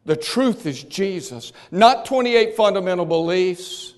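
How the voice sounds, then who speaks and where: High voiced preacher man, fiery sermon, loud then hushed, lots of hall echo. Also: animated, a little slow, hardly any pauses. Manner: impassioned, swinging from shouts to hushed tones. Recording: long church-hall reverb.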